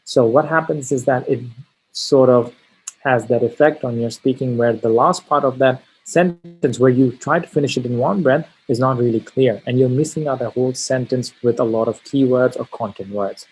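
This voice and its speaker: Husky-voiced man teaching test prep. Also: medium pitch, moderate pace, darkish tone, low-quality recording. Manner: frequent tag questions, stresses key words. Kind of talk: spoken lesson on exam pronunciation.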